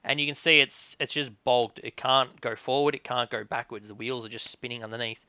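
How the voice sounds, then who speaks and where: Man, game master, relaxed halting narration, bright crisp voice, dry slightly muffled recording. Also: mid-range voice, no echo.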